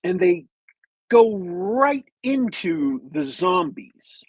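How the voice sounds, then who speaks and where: A man on a podcast with a bad cold, retelling a movie plot as a meandering, detailed storyteller with long pauses. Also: sits high, very animated, breathy edge, no room sound, low-quality recording. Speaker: podcast co-host.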